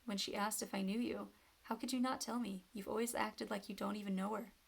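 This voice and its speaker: Woman doing an earnest teen boy, gentle, soothing, gravelly fry, storybook. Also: mid-range voice, steady tone, a little fast.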